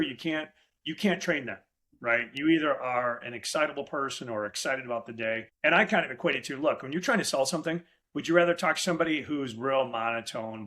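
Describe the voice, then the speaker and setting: A man hosting a casual sales podcast, excitable and energetic, talking about his own enthusiasm. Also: mid-range voice. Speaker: podcast host. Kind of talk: casual chat.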